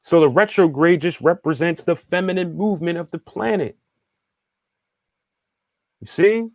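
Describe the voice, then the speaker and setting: A man's voice: fairly high pitch, measured pace, no room sound. A man giving a casual spiritual lesson, talking in a conversational way, often checking in with the listener and restarting phrases as he thinks aloud. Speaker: spiritual teacher and astrologer. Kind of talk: casual teaching monologue, answering viewer questions.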